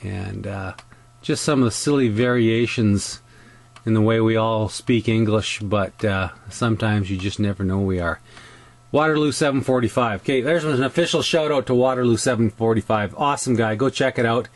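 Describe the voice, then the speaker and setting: At a moderate pace and in a lower voice, a Canadian man casually explains scale-model weathering, wandering off track, restarting his sentences, and using plenty of ums.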